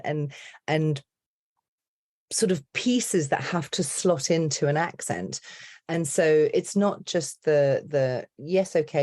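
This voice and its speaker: A middle-aged woman from the UK, an accent coach, talking in a chatty, animated way as a podcast guest. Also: low voice. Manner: animated, chatty, laughs often. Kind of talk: casual podcast interview.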